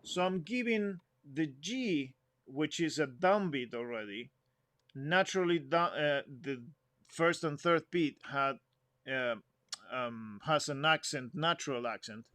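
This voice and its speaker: A man's voice: on the high side, lively intonation, slow, fairly bright tone, dry recording, clean studio sound. A man giving an instrument lesson, explaining phrasing patiently, humming example phrases and counting the group in. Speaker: music teacher.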